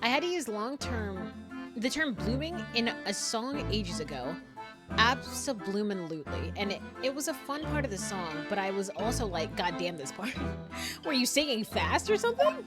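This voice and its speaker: A woman's voice: fairly high pitch, big pitch swings, moderate pace, loud music behind the voice. A young woman streaming a game, chatting casually, giggling often and swearing freely. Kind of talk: casual gameplay chat.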